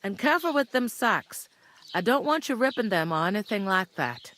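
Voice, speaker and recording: A gossipy tavern keeper. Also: female voice, mid-range voice, big pitch swings, moderate pace, fairly bright tone, slight background noise. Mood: chatty. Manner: accent drifts between regions mid-sentence. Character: gossipy tavern keeper woman, blunt and busy.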